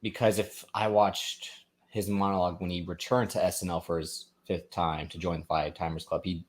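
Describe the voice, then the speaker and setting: A man's voice: low voice, flat delivery, moderate pace. A man co-hosting a podcast, chatting casually and retelling comedy bits with lots of filler words. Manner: rambling, retells stand-up bits with many likes and ums. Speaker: podcast co-host. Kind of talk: casual chat.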